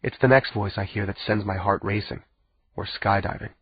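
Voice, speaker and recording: Husky, low male narrator, lively delivery, tense storytelling, dull lo-fi recording. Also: fairly quick, no room sound. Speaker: audiobook narrator. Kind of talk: first-person audiobook narration.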